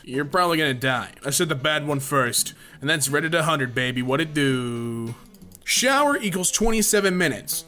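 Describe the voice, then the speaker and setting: A man reads short joke captions one after another, deadpan and quick. His voice is bright and a touch high, with faint music behind. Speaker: narrator of meme compilation. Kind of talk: reading memes aloud.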